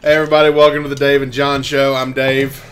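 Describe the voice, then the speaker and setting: A man's voice: medium pitch, little pitch movement, a bit bright. Joking young male co-host. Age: young adult. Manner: joking, rambling, quick to laugh. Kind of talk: casual chat.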